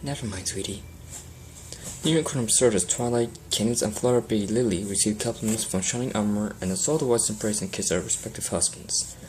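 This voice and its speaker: A man's voice: fairly low pitch, fast, darkish tone, low-quality recording. Guy narrating fanfic, plain amateur reading, little slips, faint hiss. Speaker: fan fiction reader.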